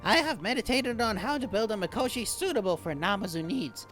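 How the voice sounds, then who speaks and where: A man's voice: high-pitched, animated, fairly quick, fairly bright tone, faint music behind, voice pushed up. A man voicing a small, prim male catfish creature who speaks in a formal, fussy way. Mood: earnest.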